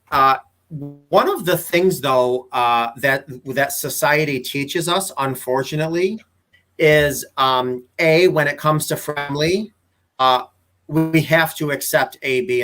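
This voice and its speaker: A man guest coach explaining his views in an earnest, conversational way. His voice sits a little high for a man. He often trips and restarts mid-sentence as he works through a point. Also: slow, fairly bright tone. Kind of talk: casual interview chat.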